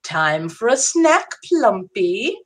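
A woman voicing a sadistic, cold male lord in a spoken fantasy story, drawing his words out slowly and mockingly. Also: mid-range voice, big pitch swings. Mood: cold, taunting. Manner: slow, drawn-out taunting delivery. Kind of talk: erotic audio story reading.

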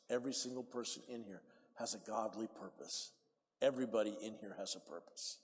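A man preaching a sermon in a church, emphatic and calling for amens, rising to shouts and dropping to hushed appeals. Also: medium pitch. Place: church sanctuary. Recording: long hall reverb.

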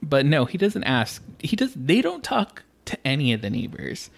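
Animated, swearing podcast co-host. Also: medium pitch, normal speed, creaky. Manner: animated, swears freely, acts out quotes. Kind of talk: casual movie-review chat.

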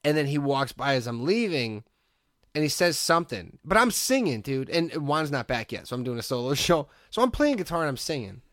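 A man's voice: on the high side, a little fast, no room sound, studio quality. A man in his thirties co-hosting a podcast, telling a rambling story in casual chat, full of "like" fillers. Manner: rambling, animated, many "like" fillers. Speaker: podcast co-host.

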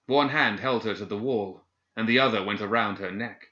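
Man reading dark fantasy, lowish voice, bright edge, dull lo-fi sound. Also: echoey room. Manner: measured, dramatic reading. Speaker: narrator. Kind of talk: scripted dark fantasy narration. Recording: dull lo-fi recording.

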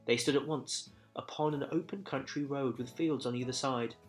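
A man narrating a Christmas story in verse with a measured, rhythmic delivery. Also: mid-range voice, faint music behind.

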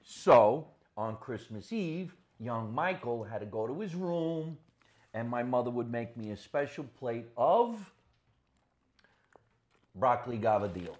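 An older man co-hosting a laid-back podcast, spinning jokey stories and laughing as he talks. His voice sits at an ordinary pitch for a man. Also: animated, a little slow, a little mellow. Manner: storytelling, joking, laughs often. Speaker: podcast co-host. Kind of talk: casual comedic banter.

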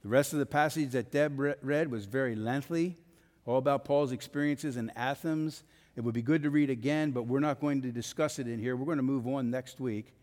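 In a church sanctuary with long hall reverb, a male pastor preaches a sermon in a brisk, slightly mellow mid-range voice. His delivery follows an emphatic cadence that rises and falls.

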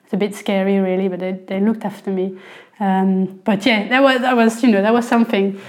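A woman's voice: mid-range voice, steady tone, a little fast. A woman from France in her forties with a French accent, chatting casually as an interview guest, with lots of "you know" fillers.

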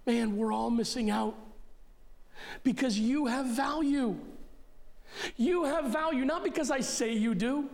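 A man's voice: extremely high pitch, a little slow, vocal fry, a little mellow. A male pastor preaching a sermon in an emphatic, conversational way, speaking straight to his listeners.

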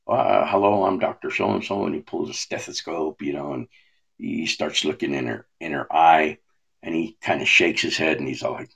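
A man's voice: a bass voice, creaky, husky. A man sharing a personal testimony in a rambling storytelling way, with many fillers and restarts.

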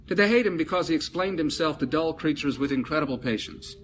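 A man's voice: a little high, animated, fast, slight background noise. A man preaching a sermon, emphatic, building with repetition and rhetorical questions.

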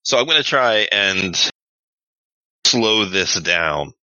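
A man plays his character in a tabletop game, casual and profane, often stumbling over his words. His voice is very deep yet sharply bright, and the recording is dry and slightly muffled. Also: animated, slow, no room sound. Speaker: player. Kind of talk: tabletop role-play.

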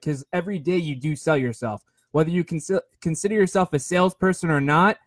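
A man's voice: fairly high pitch, dry recording, clean studio sound. A man in his twenties telling a rambling, self-deprecating story in casual chat, with lots of fillers and restarts. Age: 20s. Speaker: podcast host.

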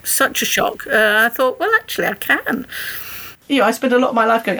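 A woman's voice: a little high, a little fast, vocal fry, low-quality recording. A woman, a guest archaeologist and lecturer, telling stories in conversation and acting out the dialogue. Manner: animated, acts out dialogue in her stories. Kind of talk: conversational storytelling.

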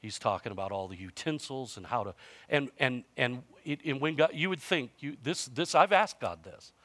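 A man in his fifties delivers a sermon as an easygoing story, often stopping and restarting his sentences and poking fun at himself. His voice sits in an ordinary middle pitch. The recording is dry and close, with no room echo. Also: animated, moderate pace, fairly bright tone. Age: 50s. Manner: conversational storytelling, self-mocking humor, frequent restarts. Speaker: pastor.

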